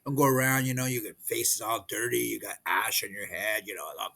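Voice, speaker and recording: A man's voice: medium pitch, bright, forceful tone. A man preaching an informal, conversational sermon, reading scripture aloud and explaining it with frequent restarts. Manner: conversational, halting, with many restarts and fillers. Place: missionary post abroad.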